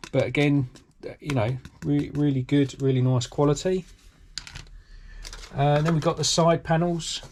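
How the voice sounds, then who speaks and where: A man's voice: fairly high pitch, fairly even intonation, a little slow, a little mellow, slight background noise. Rambling British man unboxing hobby parts. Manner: rambling, lots of ums and restarts, enthusiastic. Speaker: RC hobby channel host. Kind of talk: casual unboxing commentary. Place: home workshop.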